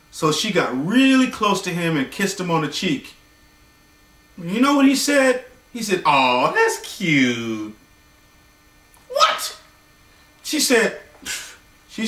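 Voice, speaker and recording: A man telling a bedtime story in a casual, animated, slangy way, with joking asides. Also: sits high, measured pace. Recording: echoey room, voice far from mic.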